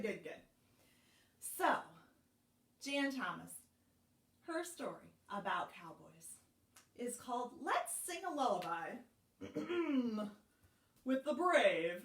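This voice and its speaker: A children's librarian leads a storytime with a bright, lively voice that swoops up and down as she coaxes little listeners along. She takes her time, speaking unhurriedly, and the room around her sounds echoey, since she stands a bit away from the live-stream camera. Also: medium pitch, distant mic. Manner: playful, sing-song, coaxing young listeners. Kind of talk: children's storytime, reading aloud.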